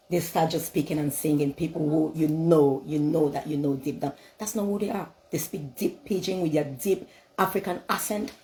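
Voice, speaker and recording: A woman's voice: low voice, warm tone, a little hiss or hum, rough recording. A woman speaking English as a second language, giving a motivational talk laced with scripture, emphatic and repetitive, full of rhetorical questions. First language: not English.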